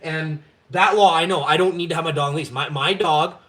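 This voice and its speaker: A man's voice: on the high side, steady tone, brisk, sharp tone. A young man from Canada hosting a live stream, ranting in a blunt, profane, fired-up way. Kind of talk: ranting casual chat.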